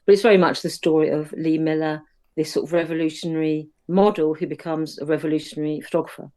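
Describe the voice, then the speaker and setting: A woman giving a thoughtful, measured film summary in a casual podcast chat over a video call. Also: deep voice, fairly even intonation, dark tone. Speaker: podcast co-host.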